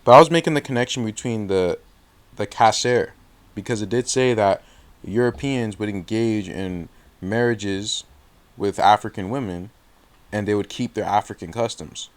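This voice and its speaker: A man's voice: on the low side, normal speed. A man hosting a casual interview, laying out his points thoughtfully and checking that the other man follows. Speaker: host.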